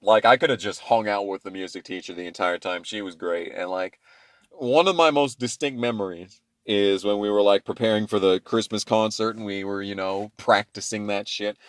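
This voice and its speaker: A man in his twenties telling childhood stories in a casual, profane, rambling way, swinging between loud rants and low mutters. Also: moderate pace, dry recording. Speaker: channel host. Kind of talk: casual storytime monologue.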